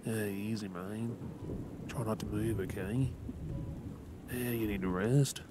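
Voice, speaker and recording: A man with an Australian accent in a soft, whispered role-play, gently reassuring the listener with halting words. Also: lowish voice. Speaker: ASMR creator. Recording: rain and thunder noise behind. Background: steady rain and thunderstorm.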